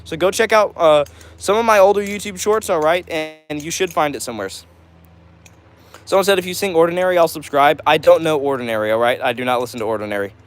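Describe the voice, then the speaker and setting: A male livestream host chats casually with his viewers, answering their comments one after another. His voice sits a bit high for a man, and he talks in an upbeat, rambling way. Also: quick pace. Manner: chatty and upbeat, many fillers like "all right".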